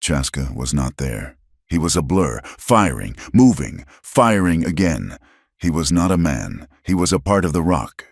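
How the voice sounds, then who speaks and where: A male narrator with a very deep voice reads a western story dramatically, his pitch rising and falling in wide, animated swings. The recording is dry and close, with no room sound at all. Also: measured pace, breathy edge, no room sound. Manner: dramatic, expressive reading.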